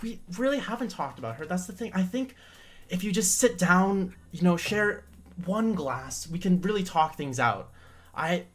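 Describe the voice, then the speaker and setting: A man's voice: sits high, animated, normal speed, a bit bright, pitched above the performer's own voice. A man voicing a pushy but friendly male guard in a tabletop game, talking casually and coaxing his friend.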